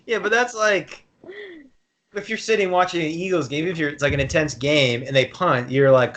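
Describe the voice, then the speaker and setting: A man's voice: a little high, lively intonation, fairly quick, a bit bright. A man co-hosting a podcast, rambling in casual chat with lots of fillers and jokes. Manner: rambling, heavy use of filler "like", joking. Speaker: podcast co-host.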